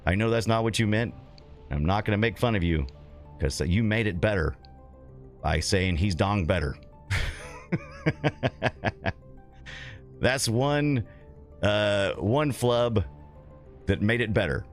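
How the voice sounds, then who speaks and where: Middle-aged male streamer, very low voice, loose rambling chat, light music bed. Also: lively intonation, slow, pauses often. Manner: rambling, chatty, laughs often, reads chat aloud. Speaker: game streamer. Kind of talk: casual live-stream chat and game commentary.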